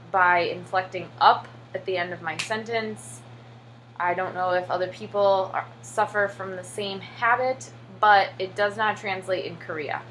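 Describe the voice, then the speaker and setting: A woman's voice: medium pitch, a bit bright, a little hiss or hum, low-quality recording. A young American woman who teaches English in Korea, talking casually with lots of fillers and acting out her pupils' voices. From United States. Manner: chatty, many fillers and "like"; acts out children's voices when telling stories. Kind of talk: casual vlog.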